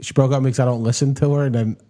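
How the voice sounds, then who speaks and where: A man's voice: medium pitch, steady tone, racing, mellow. A man co-hosting a comedy podcast, joking in casual chat and acting out quoted voices.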